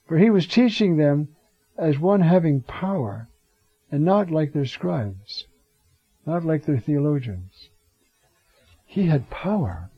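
A man's voice: fairly high pitch, lively intonation, slow, long pauses, breathy edge, no echo. A man teaching from the Bible in a conversational way, with many fillers and restarts, reading out Greek phrases and acting out the voices he quotes. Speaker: preacher teaching scripture. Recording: dull lo-fi recording.

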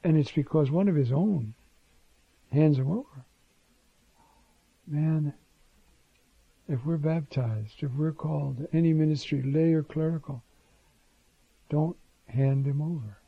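A man's voice: on the high side, unhurried, vocal fry, long pauses, slightly rough, dry recording. A man teaching scripture in a conversational sermon, with informal asides and restarts, on a dull lo-fi recording.

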